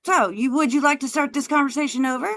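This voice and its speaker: A woman's voice: sits high, quick pace, fairly bright tone. A woman hosting a livestream, taunting and cursing at a guest in a heated argument. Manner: taunting, profane, mocking. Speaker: livestream host.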